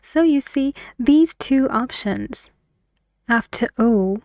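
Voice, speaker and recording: A woman teaching an English pronunciation lesson, speaking slowly and deliberately, repeating each word several times and sometimes dropping to a soft whisper. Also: high-pitched, lively intonation, dry recording.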